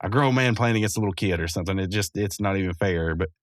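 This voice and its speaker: A podcast host with a low voice talks fast, with no echo, casually recapping a cartoon episode into a close mic. He rambles, chuckles often and corrects himself along the way.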